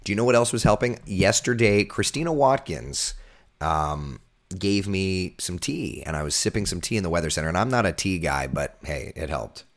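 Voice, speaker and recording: A man with a hoarse, recovering voice, hosting a casual live weather chat and reading out viewer comments. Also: sits low, moderate pace. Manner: chatty, jokey, reads out viewer comments.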